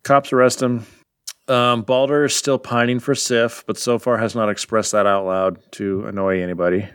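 A man's voice: mid-range voice, flat delivery, normal speed, fairly bright tone, smooth. A man co-hosting a podcast, talking about a comic in a musing, hedging way with lots of fillers. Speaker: podcast co-host. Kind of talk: casual chat.

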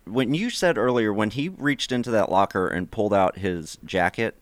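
A man's voice: lowish voice, lively intonation, moderate pace, dry recording. A man co-hosting a radio show in casual chat, laid-back and agreeable. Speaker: radio co-host.

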